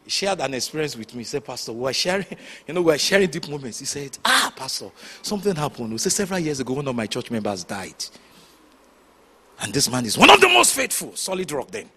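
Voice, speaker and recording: A man preaching a sermon, telling stories with sudden shouts and hushed asides. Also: mid-range voice, sing-song, fast talker, breathy edge. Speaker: pastor.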